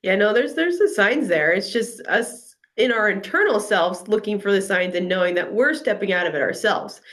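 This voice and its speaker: A woman talking casually about spiritual topics in a relaxed, affirming way, over a video call. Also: mid-range voice, moderate pace. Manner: relaxed, affirming, quotes herself. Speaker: co-host.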